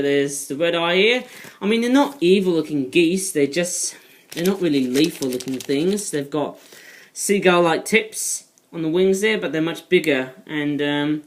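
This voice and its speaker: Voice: medium pitch, low-quality recording. Rambling British toy reviewer. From United Kingdom. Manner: rambling, digressive, with frequent asides. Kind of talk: casual vlog review.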